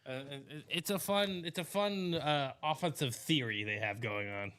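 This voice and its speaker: A man co-hosting a live break stream, laid-back, with quick quips. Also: fairly high pitch, a bit bright, clear, resonant tone. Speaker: co-host. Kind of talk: casual chat.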